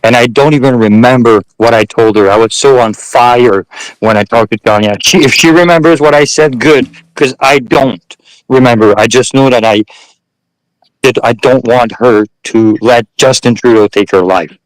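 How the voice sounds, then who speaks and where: A man's voice: mid-range voice, moderate pace, no echo, poor audio. A man hosting a live audio chat, emphatic and blunt, swearing and cutting others off. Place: remote live audio room.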